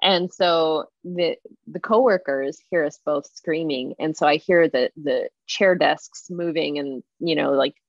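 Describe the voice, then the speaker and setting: A woman guest retelling a workplace story in casual, animated talk full of fillers. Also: low voice, unhurried, hardly any pauses, dry recording. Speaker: interview guest. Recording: muffled lo-fi dry recording.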